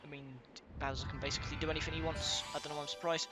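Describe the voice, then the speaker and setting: A man casually commenting on his gameplay at home on a headset, rambling and excitable, often apologizing to his viewers. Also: a little high, racing. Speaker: let's play host. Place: room at home at a gaming chair. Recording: game music clearly behind.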